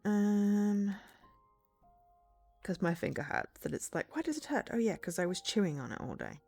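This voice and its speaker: A woman streamer talking casually at her desk while she plays, self-deprecating and chatty. Her voice sits a little low yet swoops up and down with lively energy, and faint game music plays underneath. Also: unhurried, gravelly. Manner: chatty, self-deprecating, reads dialogue aloud. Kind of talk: casual let's-play commentary.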